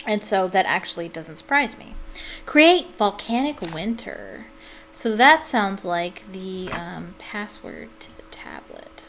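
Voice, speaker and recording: A woman's voice: medium pitch, big pitch swings, takes it slowly, fairly bright tone, soft background music. A woman giving casual commentary while playing a video game, thinking aloud with fillers and laughing easily. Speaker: let's play gamer.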